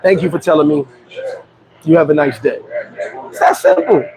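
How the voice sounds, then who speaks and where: Male vlogger, high pitch, animated and joking rant, street crowd audible behind. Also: normal speed, poor audio. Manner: animated, joking, swears freely. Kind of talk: casual rant to camera.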